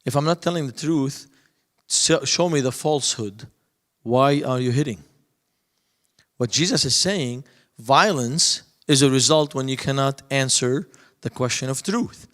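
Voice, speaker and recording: A man's voice: medium pitch, measured pace, fairly bright tone. Man speaking in a reverberant hall. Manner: storytelling, acting out both sides of dialogues. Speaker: conference speaker. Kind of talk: lecture with anecdotes.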